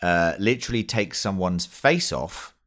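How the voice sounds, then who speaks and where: A man's voice: low-pitched, animated, a little slow, a bit bright. A man co-hosting a casual film review chat, enthusiastic and swearing freely as he acts out lines. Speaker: podcast co-host.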